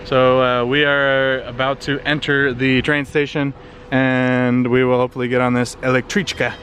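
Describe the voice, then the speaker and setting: A man's voice: medium pitch, normal speed, a little hiss or hum. Tired man vlogging on a city street. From Canada. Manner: relaxed, rambling with many fillers. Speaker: travel vlogger. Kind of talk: casual travel vlog narration. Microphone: handheld compact camera.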